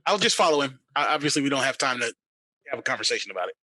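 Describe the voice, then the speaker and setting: A man playing a tabletop game, chiming in with eager, quick interjections. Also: mid-range voice, lively intonation, bright, forceful tone, no room sound. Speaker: player. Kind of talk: casual tabletop game play.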